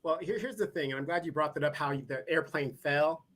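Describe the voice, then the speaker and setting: A man's voice: fairly high pitch, a little fast, fairly bright tone. A man co-hosting a casual talk show, explaining things in a matter-of-fact way. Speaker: co-host. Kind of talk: casual chat.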